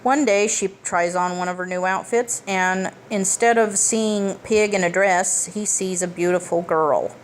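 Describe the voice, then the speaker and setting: A woman's voice: medium pitch, fairly even intonation, measured pace, few pauses, a little hiss or hum. A woman giving a casual plot recap of a film as a reviewer, blunt and profane, with emphatic asides. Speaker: movie reviewer.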